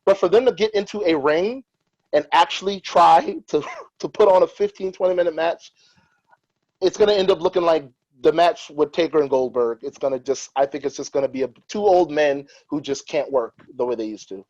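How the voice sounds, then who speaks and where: Male podcast host, fairly high voice, animated and opinionated, dull lo-fi sound. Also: a little fast. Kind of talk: casual chat.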